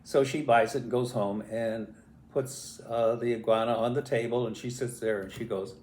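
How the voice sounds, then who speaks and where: An older man tells a family story in a casual, animated way, putting on voices and little sound effects as he goes. His voice sits at a middling pitch for a man. The recording has a roomy echo around it. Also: normal speed, slight background noise.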